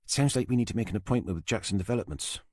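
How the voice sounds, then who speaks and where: Male narrator as a young woman detective, brisk, matter-of-fact, lowish voice. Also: darkish tone, no echo, studio quality, lightly acted.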